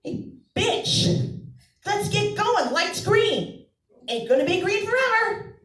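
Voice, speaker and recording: A woman voicing her young daughter as a foul-mouthed, bossy little girl in a high whiny child voice. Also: big pitch swings, slow pace, a bit bright, heavily acted. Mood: brash. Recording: echoey club, mic from a distance.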